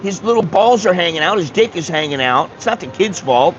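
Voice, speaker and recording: An American man talks in a casual vlog, telling stories in a blunt, animated way and swearing freely. His voice sits a little high for a man. A faint hiss of background noise runs under it. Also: a little fast, highs cut off. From United States. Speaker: vlogger. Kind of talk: casual vlog chat, reading viewer comments.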